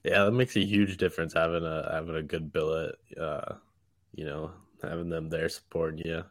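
A man's voice: extremely low pitch, little pitch movement, moderate pace, dry recording. A man co-hosting a podcast, chatting casually with fillers and restarts. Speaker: podcast co-host.

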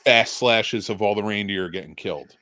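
A man's voice: on the low side, normal speed, no echo. A man in a casual podcast chat, telling a story with lots of swearing and acting out scenes. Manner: animated, swearing storyteller who acts out scenes. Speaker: podcast co-host.

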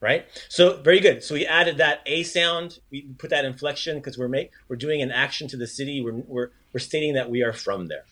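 A man hosting a relaxed podcast lesson, mid-pitched and encouraging. He praises often and slows down to model each phrase. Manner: upbeat, encouraging, repeats phrases slowly. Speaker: language teacher, podcast host. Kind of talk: casual podcast language lesson.

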